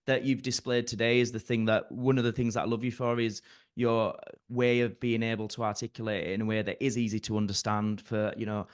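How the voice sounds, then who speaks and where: Lower-voiced male podcast host, effusive. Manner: effusive, gushing thanks, frank. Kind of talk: casual podcast interview.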